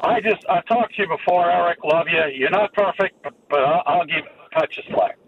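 Man in his sixties calling in. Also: sits high. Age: 60s. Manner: earnest, halting, with restarts. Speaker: caller. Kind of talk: phone-in call. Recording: muffled phone line with faint noise.

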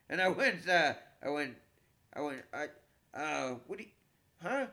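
A middle-aged man, a comedian, telling a long story in a casual, animated, profane way, with frequent stammered restarts. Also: on the high side, a little slow.

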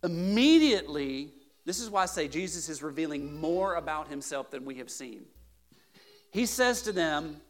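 A man's voice: on the high side, moderate pace, soft background music. A man preaching a conversational sermon as a pastor, telling stories animatedly and checking in with the congregation with "right?" and "okay?". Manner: chatty, peppers points with "right?" and "okay?"; animated storyteller, builds to emphatic peaks.

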